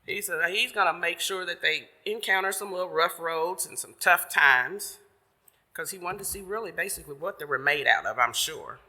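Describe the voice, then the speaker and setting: A man's voice: high-pitched, moderate pace, pushed and bright. A man giving a casual storytelling sermon at church, folksy and chatty, paraphrasing loosely. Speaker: church member giving the message. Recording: long reverb of a church sanctuary.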